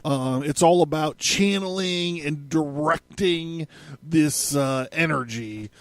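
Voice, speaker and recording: A man's voice: fairly high pitch, takes it slowly, no room sound. Rambling, foul-mouthed male podcast host. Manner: rambling, profane, self-correcting. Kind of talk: casual podcast monologue.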